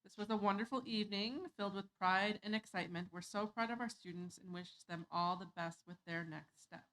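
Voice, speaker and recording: A woman board member reading out student congratulations at a school board meeting in a steady, formal way. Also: mid-range voice, brisk, rough recording.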